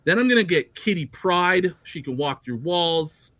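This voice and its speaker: A man's voice: on the high side, lively intonation, measured pace, bright, forceful tone, dry recording. Rambling man with a dry close sound. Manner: rambling, lots of fillers and restarts. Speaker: guest collector. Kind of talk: casual livestream chat.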